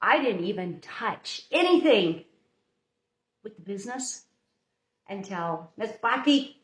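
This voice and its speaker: A woman's voice: mid-range voice, expressive, slow pace. A woman hosting a live baking stream, giving viewers a chatty, motherly pep talk in her home kitchen. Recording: roomy echo.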